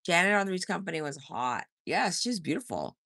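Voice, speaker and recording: A woman's voice: fairly low pitch, sing-song, normal speed, a bit bright, dry recording, clean studio sound. A woman hosting a casual livestream, chatting and teasing as she reads viewer comments, often laughing and singing short snippets. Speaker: livestream host. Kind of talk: casual live chat reading comments.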